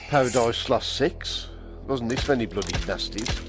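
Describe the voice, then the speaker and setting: A man's voice: medium pitch, normal speed. A man commentating while playing a VR shooter, muttering and swearing at the enemies on a headset mic. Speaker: VR gamer streamer. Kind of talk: gameplay commentary. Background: game music.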